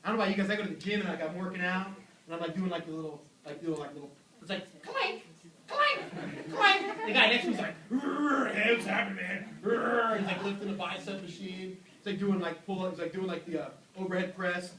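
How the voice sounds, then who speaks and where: High-voiced young man preaching in an echoey room. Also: quick pace, distant mic, a loud crowd. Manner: animated, joking, acts out voices. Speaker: youth pastor. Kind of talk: youth sermon.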